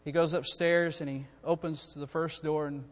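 A middle-aged man preaching a sermon in a church, earnest and building to loud, urgent storytelling. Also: fairly high pitch, flat delivery, normal speed. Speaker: guest preacher. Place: church sanctuary. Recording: long hall reverb.

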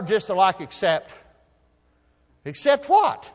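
A man preaching a sermon, telling folksy stories and swinging from soft asides to loud emphasis. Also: sits high, animated, normal speed, in a large hall. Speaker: pastor.

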